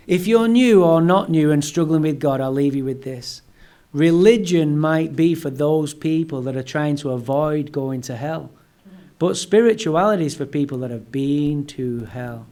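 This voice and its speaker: A man telling his personal story as a guest speaker at a recovery meeting, animated and blunt, with some profanity. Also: on the high side. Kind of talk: personal storytelling talk to a live audience.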